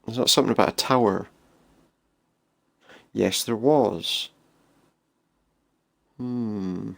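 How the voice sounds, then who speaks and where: A man's voice: fairly low pitch, slow, creaky, a bit bright. A man casually commenting on a role-playing game he is playing, chatty and thinking aloud as he goes. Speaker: gaming streamer. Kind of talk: casual let's-play commentary.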